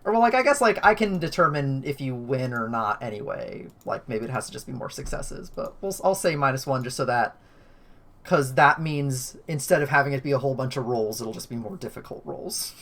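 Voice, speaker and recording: A woman's voice: extremely low pitch, animated, a little fast, fairly bright tone. A woman running a tabletop game over an online call, thinking aloud and rambling with lots of fillers. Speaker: game master.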